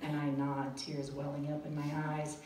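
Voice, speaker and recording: A woman's voice: low-pitched, completely flat delivery, normal speed, mellow. A woman telling a wry, self-deprecating true story to a live audience at a cafe storytelling night. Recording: echoey cafe recording from far off with room noise. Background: audience laughter.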